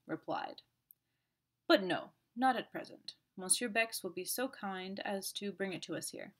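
A woman reads a novel aloud as an audiobook, her voice a little low for a woman. She narrates in a measured, even storytelling manner. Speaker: audiobook reader.

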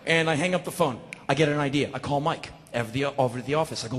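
A man in his forties telling a comic story live on stage, emphatic and repeating lines in rising shouted bursts. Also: mid-range voice, fast, hardly any pauses, a little hiss or hum. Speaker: spoken word performer. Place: stage in a large hall. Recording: live hall reverb, faint ambience.

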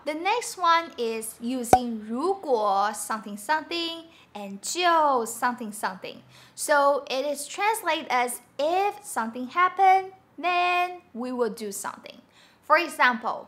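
A woman's voice: sits high, animated, measured pace, a bit bright. A woman teaching a Mandarin grammar lesson online, upbeat and explaining patiently with example sentences.

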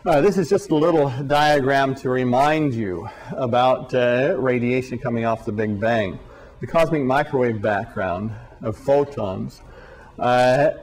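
A man giving a university physics lecture, speaking deliberately and haltingly, often repeating words, with dry sarcastic asides. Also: mid-range voice, a little mellow.

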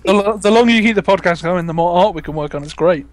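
A man joining a casual gaming podcast as a guest and trading quick jokes. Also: high-pitched. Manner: joking, quick quips.

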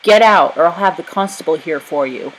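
A woman's voice: sits low, moderate pace, slight background noise, poor audio. A woman voicing a grumpy old man who scolds children away from his goat, in a storybook reading. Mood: angry. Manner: gruff, scolding.

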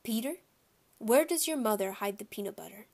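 A woman's voice: fairly high pitch, animated, normal speed, darkish tone. A woman voicing a cheerful, bumbling father who talks in a hearty, emphatic way in a storybook reading. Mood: firm. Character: cheerful bumbling dad, sure of himself.

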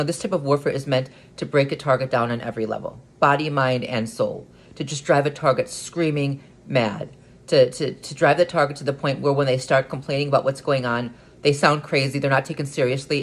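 A man with an ordinary mid-pitched voice delivers a solo vlog monologue. He speaks earnestly but haltingly, repeating words as he restarts his thoughts. His delivery builds into firmer emphasis. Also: fairly even intonation. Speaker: vlogger.

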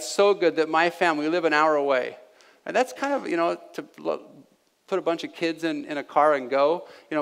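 A man giving a live seminar talk to an audience, energetic and forever tagging his points with "right?". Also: fairly high pitch. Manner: energetic, keeps asking "right?". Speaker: seminar presenter. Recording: long hall reverb.

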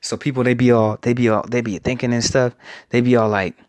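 A man preaching casually to his audience, rambling and emphatic, tacking "family" onto nearly every phrase and drawing out key words slowly. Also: mid-range voice, flat delivery, darkish tone.

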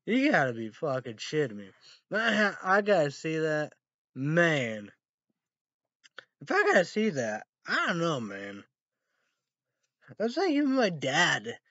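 A man rambling profanely on a stream, swinging from low mumbles to loud outbursts. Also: huge pitch swings, measured pace, pauses often, no echo, highs cut off. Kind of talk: rambling live stream talk.

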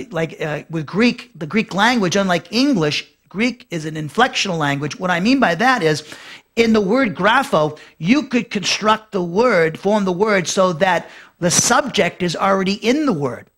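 A man's voice: sits high, a bit bright. A man teaching a Bible lesson as a pastor, rambling with many fillers and restarts, then growing emphatic in bursts.

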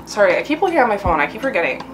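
A young woman telling a casual story-time vlog, chatty and full of fillers and swearing, a little high. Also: big pitch swings, very fast, over music. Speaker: vlogger.

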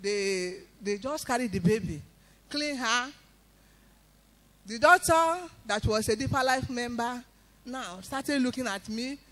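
A woman giving an emphatic spoken testimony in church, breaking into loud praise. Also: a little high, expressive, measured pace.

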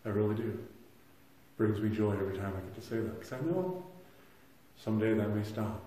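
A man in his thirties preaching a sermon as pastor, earnest, shifting between loud emphasis and soft, hushed lines, often repeating words as he restarts. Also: fairly low pitch, animated, brisk. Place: church sanctuary. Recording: very echoey church room.

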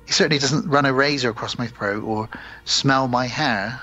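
A man's voice: medium pitch, normal speed, pushed and bright, dull audio. A man co-hosting a podcast, recapping a film plot in a rambling, sweary, casual way. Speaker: podcast co-host. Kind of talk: casual film review chat.

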